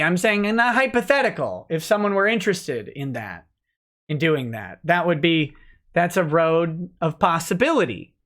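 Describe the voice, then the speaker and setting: A man's voice: on the high side, fairly bright tone. A man hosting a casual livestream, joking and rambling while reading out chat messages. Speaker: livestream host, lawyer.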